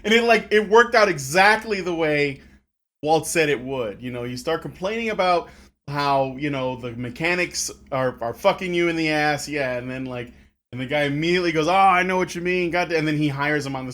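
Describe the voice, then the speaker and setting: Halting man retelling a scene. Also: on the high side, fairly bright tone. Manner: halting recap with many restarts. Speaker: podcast co-host. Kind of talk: casual chat.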